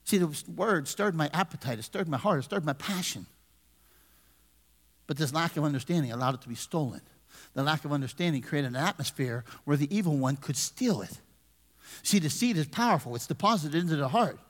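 A man's voice: on the high side, lively intonation, brisk, a bit bright, big-room sound. A man in his fifties, a pastor preaching a conversational sermon with humor and questions to the congregation. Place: church sanctuary.

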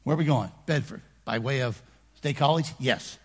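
Male preacher, husky voice, lively pitch, long hall reverb, conversational sermon. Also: normal speed. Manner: conversational preaching that swings from hushed asides to shouted emphasis. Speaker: pastor.

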